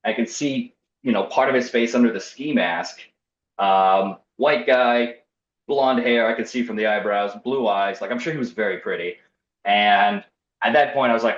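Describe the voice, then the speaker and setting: Speaking a little slowly in a medium-pitched voice, a young guest storyteller relates a personal tale with wry, self-deprecating humor and voices the lines of the people in it. The podcast recording is roomy and slightly dull.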